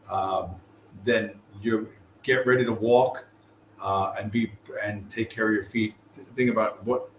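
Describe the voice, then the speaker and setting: Man vlogger, low voice, rambling profane chat, echoey room with faint noise. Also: a bit bright. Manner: rambling, profane, many fillers and restarts. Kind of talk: casual travel chat to camera. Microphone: camera mic.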